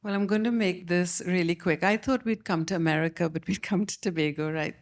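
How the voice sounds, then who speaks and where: A woman author tells a brisk, funny family story at a library panel. Her voice is on the low side, and laughter runs through her telling. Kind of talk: anecdotal storytelling. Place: library event hall.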